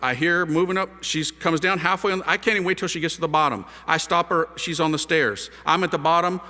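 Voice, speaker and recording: A man, a priest, telling his conversion story to an audience in a lively, dramatic way, acting out the voices of the people in it. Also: a little high, fast talker. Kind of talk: animated storytelling talk to an audience. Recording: long hall reverb.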